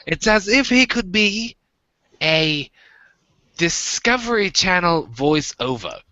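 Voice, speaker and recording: A man's voice: sing-song, takes it slowly, bright, forceful tone, no room sound, lo-fi sound, heavily acted. A man voicing a pompous British-accented nature-documentary narrator with a put-on British accent. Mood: grandiose. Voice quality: grand, booming narration.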